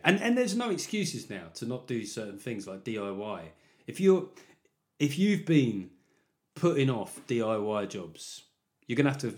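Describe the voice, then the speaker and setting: Jokey man hosting a podcast. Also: medium pitch. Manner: chatty, jokey, self-mocking. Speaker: comedian and podcast host. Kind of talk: comedic monologue.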